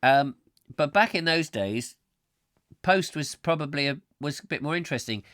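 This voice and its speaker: A man's voice: on the high side, expressive, moderate pace, a bit bright, no room sound, studio quality. A man hosting a live casual chat show, rambling and chatty, getting easily exasperated. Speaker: host. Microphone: close microphone.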